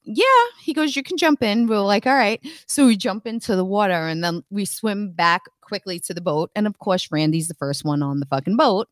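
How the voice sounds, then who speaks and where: A woman telling a story on a podcast in casual chat, animated and swearing often between bursts of laughter. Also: mid-range voice, dry recording. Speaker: podcast co-host.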